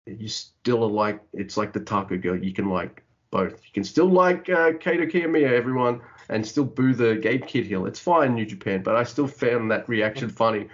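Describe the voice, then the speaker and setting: A man's voice: lowish voice, moderate pace, few pauses, dull audio. A man co-hosting a podcast, chatting casually and animatedly about wrestling, swearing often and acting out what the wrestlers said. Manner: animated, swears a lot, acts out wrestlers' lines. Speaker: podcast co-host.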